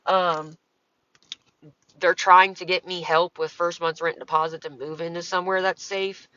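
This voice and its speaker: A woman's voice: lowish voice, flat delivery, normal speed, bright, forceful tone, dull audio. A woman talking casually on her livestream, answering comments in a profane, exasperated, rambling way.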